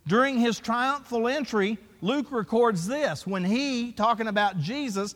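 This pastor's voice is very high, a bit bright, and a little slow as he delivers an emphatic sermon packed with rhetorical questions for the congregation. His words ring out in long hall reverb.

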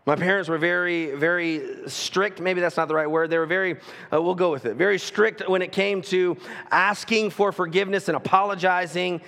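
Gravelly high-voiced preacher in a hall. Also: male voice, normal speed. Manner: conversational, self-correcting, animated storytelling. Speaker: pastor. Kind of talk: sermon with personal storytelling.

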